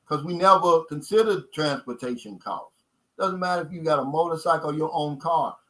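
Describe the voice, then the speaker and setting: A man's voice: a little high, normal speed, bright, forceful tone, rough recording. A man with a Kentucky accent hosting a casual livestream chat, emphatic and folksy, repeating his key points and calling viewers guys. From United States. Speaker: channel host.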